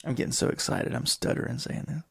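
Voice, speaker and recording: A man hosting a podcast in a casual solo monologue, rambling from tangent to tangent with frequent swearing and chuckles. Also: quick pace. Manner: rambling, tangent-hopping, profane, chuckling often. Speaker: podcast host.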